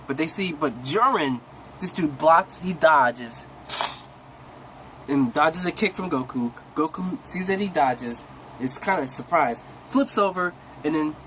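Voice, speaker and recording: A young man recaps a cartoon fight scene by scene with loose, slangy excitement, his voice sitting a bit high. He keeps restarting sentences, coughs every so often, and a faint hiss of noise hangs behind him. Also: poor audio. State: coughing now and then. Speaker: recap host. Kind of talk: casual anime episode recap.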